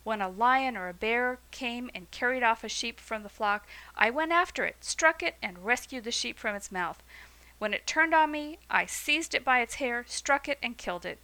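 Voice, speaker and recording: Brief: bold young shepherd, read by a woman in an earnest, bright, crisp storytelling voice. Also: on the high side, lively intonation, normal speed, poor audio.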